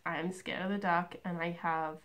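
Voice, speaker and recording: A young woman chatting casually and rambling about herself in a home video, with many pauses and "um"s. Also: on the low side, fairly even intonation, a bit bright. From Australia. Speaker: craft vlogger. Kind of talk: casual personal chat.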